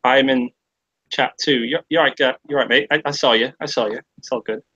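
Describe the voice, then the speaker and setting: Streaming from his sister's bedroom, a young man from Britain chats casually, swearing, rambling, and laughing at himself. He speaks a little fast at medium pitch with fairly even intonation, his husky voice pushed and bright, in a lo-fi recording with no room sound.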